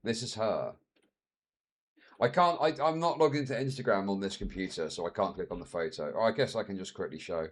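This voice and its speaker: A man streaming, reacting to a video with crude, sarcastic commentary that swings between mutters and loud outbursts. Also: lowish voice, brisk, husky.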